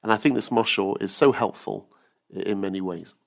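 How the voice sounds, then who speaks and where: A man's voice: on the low side, a little fast, vocal fry. A man giving an earnest weekly Torah talk who tells stories and acts out the quotes. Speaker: rabbi teacher.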